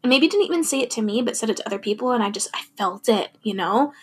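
A woman's voice: fairly high pitch, animated, fast talker, husky. A young adult woman talking candidly and thoughtfully about her feelings in a personal monologue, laughing now and then.

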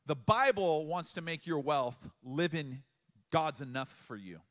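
High-voiced man preaching conversationally. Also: expressive, fairly bright tone. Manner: conversational preaching with emphatic pauses and restarts. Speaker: pastor. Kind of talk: sermon.

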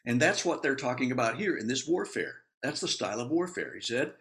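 A man with a mid-range voice teaches through a Bible passage fairly quickly with few pauses. He's conversational and animated, adding asides and laughs and acting out quotes.

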